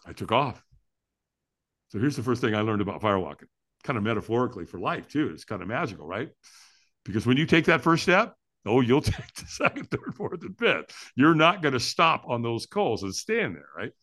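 A man who is a podcast guest, telling a story in an excitable way, acting it out with sound effects and laughs. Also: medium pitch, brisk. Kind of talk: animated storytelling.

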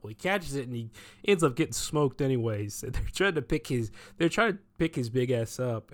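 A man hosting a podcast, chatting casually about movies in a rambling, self-correcting way and laughing at his own retellings. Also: medium pitch. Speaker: podcast host. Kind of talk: casual movie-talk monologue.

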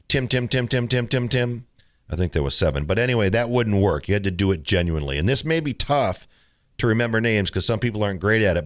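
A middle-aged man hosting a tennis coaching podcast, talking casually and telling stories with mimicked quotes. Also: on the low side. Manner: relaxed storytelling with mimicked quotes. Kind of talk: casual solo podcast talk.

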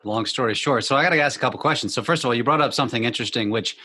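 Male host, rapid speech, hedging questions, mid pitch. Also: pushed and bright. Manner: hedging, quick follow-up questions. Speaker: interviewer. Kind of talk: podcast interview.

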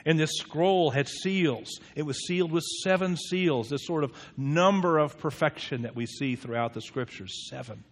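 A man delivers an earnest sermon as a pastor, his voice a bit high for a man. He asks his listeners questions and moves between hushed prayer and lively explanation. The sound carries a long reverb from a church hall. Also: normal speed, few pauses.

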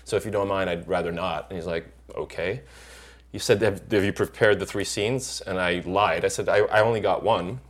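A middle-aged actor in casual chat, telling lively stories and acting out the people he quotes. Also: sits low, normal speed. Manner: animated storyteller acting out quoted voices. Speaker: actor guest.

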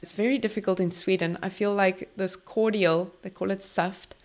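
A woman's voice: mid-range voice, fairly even intonation, moderate pace. A woman hosting a casual podcast chat, enthusiastic and prone to repeating words and restarting. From South Africa. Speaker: podcast host.

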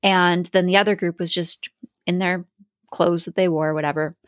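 Lively woman podcast host, dry close sound. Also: lowish voice, moderate pace, dry recording. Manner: lively, animated storyteller. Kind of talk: casual podcast chat.

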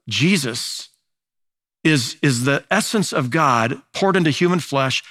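A man's voice: on the high side, a bit bright, no room sound, studio quality. A man preaching a sermon as a pastor, in a conversational teaching manner with frequent fillers and restarts.

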